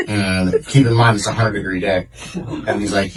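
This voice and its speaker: A man's voice: on the low side, fairly even intonation, moderate pace, pauses often, husky. A man doing a stand-up comedy set on a club stage, telling stories in a laid-back, rambling way with lots of fillers. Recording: distant mic, loud audience laughter. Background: audience laughing.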